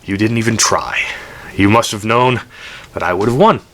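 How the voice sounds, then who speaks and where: A man voicing an ancient, proud male wolf spirit that taunts its prey in a drawn-out way. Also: on the low side, a bit bright, lightly acted. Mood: taunting.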